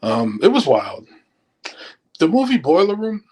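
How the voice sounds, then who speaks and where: Husky man telling wild stories. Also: a little high, unhurried, poor audio. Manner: animated storyteller acting out quotes. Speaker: interview guest, former stockbroker. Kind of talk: casual storytelling.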